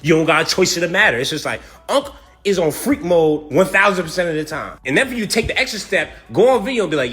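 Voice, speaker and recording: Male podcast host, high voice, swinging pitch, brash, profane, mocking roast commentary. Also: lively intonation, quick pace, fairly bright tone, faint music behind. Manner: self-styled hater roasting the subject.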